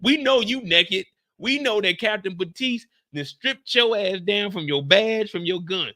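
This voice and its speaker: A man hosting a live reaction stream, recapping a TV show in an animated, profane, ranting way. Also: sits high, unhurried.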